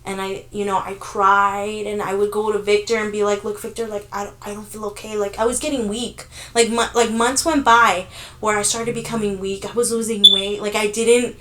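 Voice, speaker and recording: A woman in her twenties telling a story in casual podcast chat, animated and full of fillers, swearing freely. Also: mid-range voice, moderate pace, slight background noise. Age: 20s. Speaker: podcast co-host.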